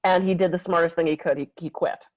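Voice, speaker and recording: A woman massage therapist tells client stories on a podcast, her slightly low voice jumping up and down as she acts out each quote. The sound is dry and close, with no room around it. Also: quick pace, dry recording, rough recording. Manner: animated, acts out quotes with big pitch jumps, laughs often. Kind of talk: casual storytelling.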